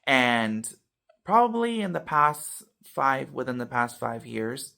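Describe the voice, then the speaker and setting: A man vlogging casually to his viewers, telling a story with animated swings between loud and soft, tagging lines with "you know" and "okay.". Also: medium pitch, slow pace, vocal fry. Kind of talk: casual talk to camera.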